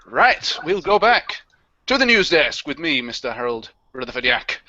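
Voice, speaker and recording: A man's voice: on the high side, sing-song, moderate pace, pushed and bright, muffled recording. A man co-hosting a live online quiz stream, reading out comic news items with hammy delivery and laughing at his own jokes. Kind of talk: playful live-stream banter.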